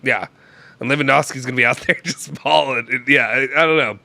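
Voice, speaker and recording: A man's voice: mid-range voice, fairly quick, vocal fry, bright, forceful tone. A young man hosting a casual live-streamed chat, loose and joking, rambling with restarts into a close mic. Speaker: show host.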